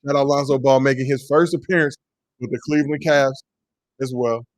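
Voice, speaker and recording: A man in his forties co-hosting a casual sports livestream, joking and giving shout-outs to the chat. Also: mid-range voice, steady tone, brisk, no echo. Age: 40s. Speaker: co-host.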